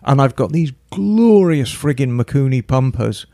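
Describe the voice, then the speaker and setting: A man's voice: mid-range voice, expressive, moderate pace, warm tone, no room sound, clean studio sound. A man co-hosting a podcast who talks enthusiastically and rambles through long lists. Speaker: podcast co-host. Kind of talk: casual chat.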